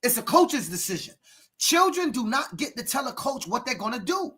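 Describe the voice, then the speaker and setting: Podcast co-host, male youth football coach, bright husky voice, preachy, bursts into shouts. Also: very high-pitched, very animated, moderate pace. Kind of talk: animated podcast storytelling.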